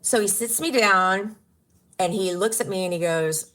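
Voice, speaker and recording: A woman's voice: mid-range voice, unhurried, a bit bright. A woman, a radio personality telling her story earnestly in an interview. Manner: earnest and emotional, with bursts of laughter and exclamations. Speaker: radio personality, podcast guest.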